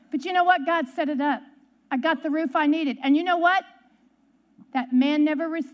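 A middle-aged woman preaching, telling a personal story and acting out the quotes. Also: sits high. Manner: animated storyteller, acts out quotes. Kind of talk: storytelling sermon.

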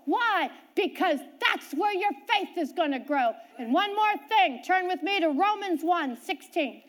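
A middle-aged woman preacher giving a sermon, telling a personal story with lively swings between loud and quiet. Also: very high-pitched, unhurried, few pauses.

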